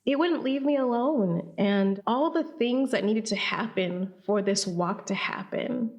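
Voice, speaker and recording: A woman from Atlanta, a guest on a podcast interview, telling her story in a lively way and acting out the voices of people she quotes. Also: a little high, a little slow, muffled recording. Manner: animated, acts out quoted voices.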